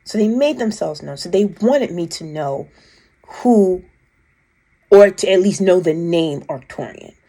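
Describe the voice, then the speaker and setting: A woman telling a personal story in a casual, animated way, emphatic and rambling with restarts. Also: fairly low pitch, a little slow, low-quality recording. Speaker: vlogger recounting a personal experience.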